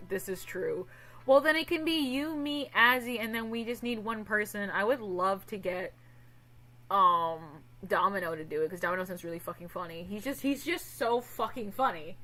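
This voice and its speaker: A woman streamer chatting casually with her viewers, animated and swearing a lot. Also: medium pitch, poor audio.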